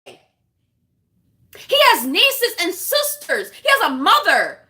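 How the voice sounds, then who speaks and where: A woman with a high voice and a bright, forceful tone delivers a vlog rant to her viewers. She talks bluntly and with passion and swears freely. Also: huge pitch swings, slow pace. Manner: impassioned, blunt, profane. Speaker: vlogger. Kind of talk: casual vlog rant to camera.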